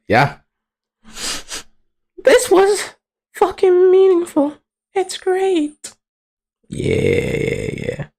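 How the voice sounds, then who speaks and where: A young male livestreamer gives casual commentary in a lowish, creaky voice. He's excitable, laughs a lot, and talks in slang packed with swearing.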